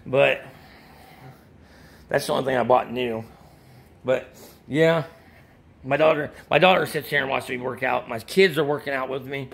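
A man's voice: medium pitch, normal speed, creaky, long pauses, a bit bright. A middle-aged man chatting casually about workout gear and supplements, out of breath after a workout, rambling and restarting his sentences. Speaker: vlogger giving supplement advice. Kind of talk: casual chat.

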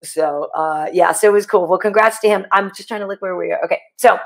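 A woman hosting a casual podcast, telling a laughing story in quick, animated bursts. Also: on the low side, vocal fry. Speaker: podcast host and sports anchor. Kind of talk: casual chat.

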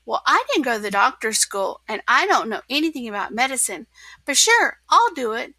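A woman reading a storybook aloud and voicing a dim-witted, cheerful male starfish with goofy, sudden loud outbursts. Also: a little high, very animated, moderate pace, no room sound, exaggerated voice.

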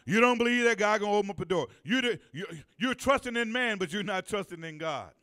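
A man's voice: high voice, animated, pushed and bright. A man preaching a sermon in church, calling on the congregation to answer back and stretching out key phrases for emphasis. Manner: call-and-response preaching, drawn-out emphatic phrases. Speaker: pastor. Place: church sanctuary.

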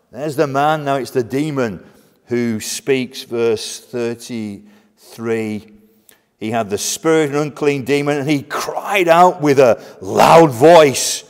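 A man preaches a sermon at an unhurried pace, pausing for effect and stressing key words. His voice sits mid-range for a man. A long reverb from the church hangs on each phrase. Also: medium pitch. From half Greek heritage. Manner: emphatic, with dramatic pauses and asides.

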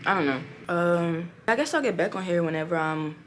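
A hoarse young woman vlogging casually in a hotel room, rambling loosely and swearing now and then. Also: lowish voice, fairly quick, slight background noise. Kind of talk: casual vlog chat. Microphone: small clip-on mic.

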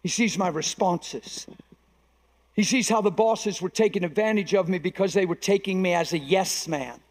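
A middle-aged man preaching a sermon as a pastor, emphatic and animated, acting out dialogue from his stories. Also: sits high, moderate pace. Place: large conference hall. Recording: long reverb of a large hall.

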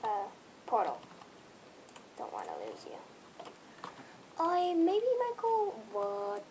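A young gaming creator commenting excitedly on their own play, with gushing, squealing bursts of excitement. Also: very high-pitched, takes it slowly, slight background noise, rough recording.

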